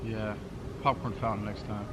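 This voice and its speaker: A man joining a casual outdoor vlog at a bonfire, teasing and quick with excited exclamations. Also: on the low side, a little hiss or hum, rough recording. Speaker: regular on the vlog, uncle.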